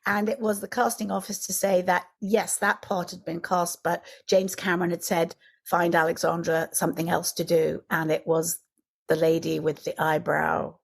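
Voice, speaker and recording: Lively middle-aged woman telling stories. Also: lowish voice, moderate pace, vocal fry. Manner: animated storyteller, acts out quotes. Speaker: podcast guest, actress. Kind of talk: casual interview chat.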